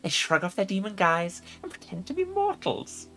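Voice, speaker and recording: Man voicing an airy insect-like demon lady, high-pitched, mocking, otherworldly. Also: huge pitch swings, normal speed, a bit bright, soft background music, exaggerated voice. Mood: amused.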